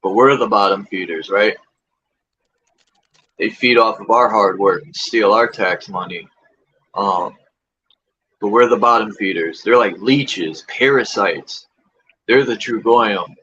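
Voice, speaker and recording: A man's voice: fairly low pitch, slow pace, pauses often, pushed and bright, breathy edge, highs cut off. A man hosting a livestream, ranting in casual talk and repeatedly tossing in rhetorical questions. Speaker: livestream host.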